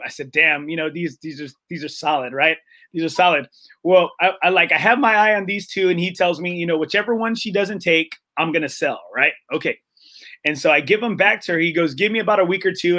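In a relaxed chat, a male podcast host recounts a story packed with fillers, acting out the quotes and repeatedly asking "right?" His voice is a little high, bright, and forceful.

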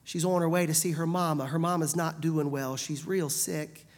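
A woman's voice: deep voice, steady tone, darkish tone, close to an everyday voice. A woman voicing a humble, pleading man. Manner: apologetic, hesitant, then hurried pleading. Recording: long hall reverb.

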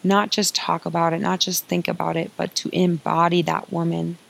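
A woman's voice: lowish voice, level tone, normal speed, gravelly, low-quality recording. A woman hosting a podcast as an emotional healing coach, talking in an earnest, confiding way and repeating phrases for emphasis.

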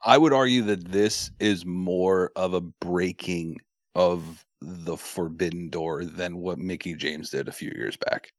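Low-voiced, wisecracking male podcast co-host. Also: no room sound, studio quality. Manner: joking, profane, quick with wisecracks. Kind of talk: casual chat.

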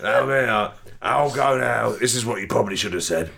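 Guy hosting a crude comedy bit, raspy fry, bright tone, bit of hiss behind. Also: mid-range voice, moderate pace. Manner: crude, playful, putting on mock Cockney lines. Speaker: podcast host. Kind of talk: comic improv banter.

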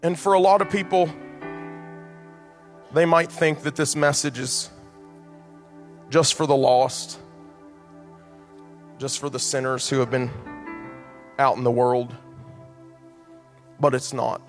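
A male pastor preaching an impassioned sermon in a church sanctuary, building to loud appeals. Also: mid-range voice, steady tone, takes it slowly, pauses often. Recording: long hall reverb, faint music.

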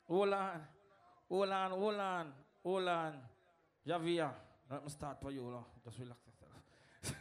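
A man acting as MC at a sound clash, announcing the round results and chatting loosely to the crowd. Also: high voice. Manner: loose, laughing chat broken by loud crowd calls. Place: live dance event.

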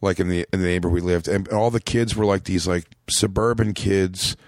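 A comedian in his late thirties from Philadelphia talks through a long story, lurching between voices for the people in it. His voice sits a little low, and the recording is dry and close. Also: fairly quick, no room sound. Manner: rambling, animated storyteller acting out quotes. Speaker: comedian guest. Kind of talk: casual storytelling chat.

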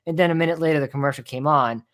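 A man's voice: a little high, racing. A young man co-hosting a casual sports podcast, laid-back and a little hesitant. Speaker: podcast co-host. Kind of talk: casual chat.

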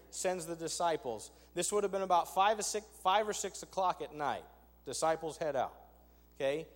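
A man preaching a sermon, conversational and emphatic, with rhetorical asides to his congregation. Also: on the high side. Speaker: pastor. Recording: long hall reverb.

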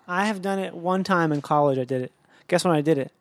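A man guesting on a podcast, chatting casually in an excitable, incredulous manner with plenty of swearing. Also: a little high, fast, very noisy.

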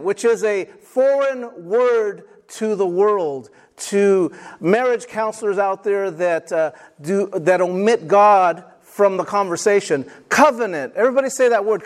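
A middle-aged male pastor preaching a sermon, telling stories and calling the congregation to answer amen. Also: sits high. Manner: calls for amens, tells stories.

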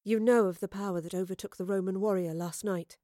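Low muttering soothsayer woman, cryptic and testy, read by a narrator. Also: a little fast, a little mellow, no echo, studio quality, natural voice. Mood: brooding. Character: cryptic brooding female soothsayer.

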